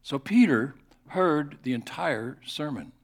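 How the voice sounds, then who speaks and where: A pastor giving a sermon in a conversational, storytelling manner. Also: male voice, a little high, animated, slow.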